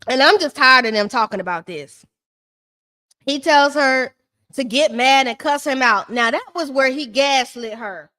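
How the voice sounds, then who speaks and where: A woman hosts casual live-stream commentary, breaking down a reality show in a relaxed, talkative style while throwing shade and ranting at the cast. Her voice stays high and lively, delivered at a measured pace.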